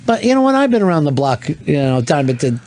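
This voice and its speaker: Radio host, man with a high voice, crude joker, faint hiss behind. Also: big pitch swings, brisk, darkish tone. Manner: profane, joking, laughs often. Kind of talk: casual talk radio banter.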